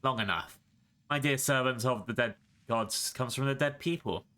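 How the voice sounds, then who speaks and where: A man's voice: medium pitch, normal speed, sharp tone, close to an everyday voice. A man voicing a scheming female cult priestess who mocks and taunts her enemies. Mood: gloating. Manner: mocking, taunting.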